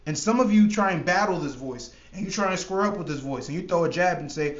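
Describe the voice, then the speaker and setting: Man, high voice, emphatic motivational coach, casual swearing, echoey dull-sounding room. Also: lively intonation, fairly quick, few pauses. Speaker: trading coach. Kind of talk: motivational monologue.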